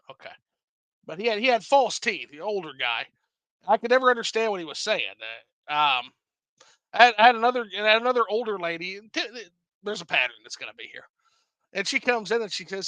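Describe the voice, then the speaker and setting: A man's voice: high voice, very animated, fairly quick, pushed and bright, no echo, poor audio. A man in his thirties from the American Midwest, a drunk livestream host rambling with profanity and many restarts. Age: 30s. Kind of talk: casual livestream chat.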